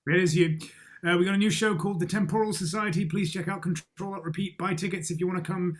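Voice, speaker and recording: A man's voice: high-pitched, steady tone, quick pace. A man chatting on a video call, rambling with stumbling restarts and laughs between words. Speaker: cast member. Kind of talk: casual chat on a video call.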